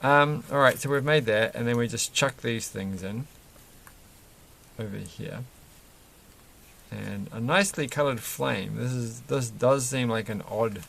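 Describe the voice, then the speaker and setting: A man's voice: mid-range voice, a little slow, vocal fry, long pauses, a bit bright, slight background noise. A man chatting casually and rambling while he builds a toy set, chuckling often and breaking off mid-sentence. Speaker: vlogger building Lego sets.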